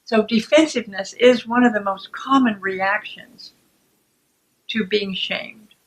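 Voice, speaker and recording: A woman who writes self-help books, explaining shame calmly and deliberately to the camera. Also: mid-range voice, rough recording. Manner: calm and deliberate.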